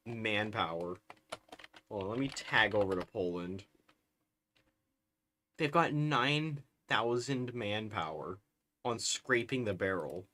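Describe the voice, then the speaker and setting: A man's voice: lowish voice, pushed and bright, slight background noise. A man livestreaming a strategy game, giving casual, bemused running commentary and laughing often.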